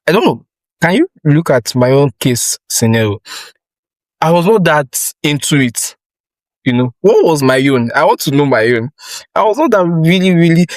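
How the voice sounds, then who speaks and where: A young man with a Nigerian accent hosting a podcast, asking rambling, animated questions with frequent restarts. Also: fairly high pitch, no echo, poor audio. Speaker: podcast host. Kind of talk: casual interview chat.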